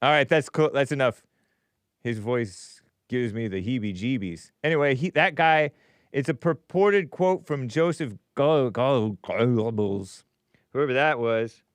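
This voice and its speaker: A man's voice: medium pitch, lively intonation, a little slow, clean tone, no room sound. A man hosting a call-in show in casual live-stream chat, musing aloud and stumbling over hard names.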